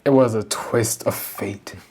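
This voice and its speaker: A man's voice: on the low side, takes it slowly, a little mellow, breathy edge. A man commenting casually on a video game playthrough, joking and using slang. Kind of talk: casual let's-play reactions.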